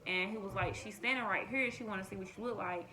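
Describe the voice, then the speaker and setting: Young woman vlogger, bright tone, animated storyteller who acts out dialogue. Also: medium pitch, fast, poor audio. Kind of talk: casual storytime vlog.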